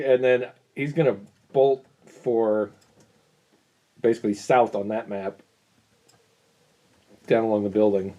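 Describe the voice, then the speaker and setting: A man's voice: on the low side, little pitch movement, a little slow, pauses often, dark tone, dull audio. A man playing a tabletop game, thinking aloud about his moves in a tentative way. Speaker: player. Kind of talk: casual tabletop game chat.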